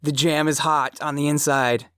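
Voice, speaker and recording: A woman's voice: sits low, fairly even intonation, normal speed, fairly bright tone, no echo. A woman co-hosting a casual comedy podcast, giggling often and reading reviews aloud. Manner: giggly, reads reviews aloud with playful attempts at accents. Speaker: podcast co-host.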